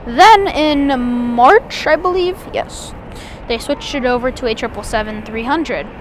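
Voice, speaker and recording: Woman, high pitch, live outdoor airport streamer, chatty and rambling, with faint background noise. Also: unhurried. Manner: chatty, enthusiastic, rambling with restarts. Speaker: live plane-spotting streamer. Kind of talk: live aviation commentary.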